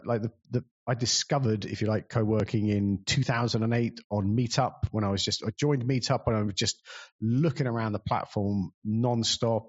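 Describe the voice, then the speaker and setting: A man's voice: on the low side, slightly rough, highs cut off. A man telling a rambling, self-deprecating story about organizing community events, full of fillers. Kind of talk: casual storytelling talk.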